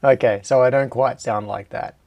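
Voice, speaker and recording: Hosting a laid-back livestream from his home workshop, a middle-aged Australian with a faint American edge mutters to himself as he tinkers, rambling and self-deprecating. He speaks at a moderate pace in a steady, slightly mellow medium-pitched voice with vocal fry.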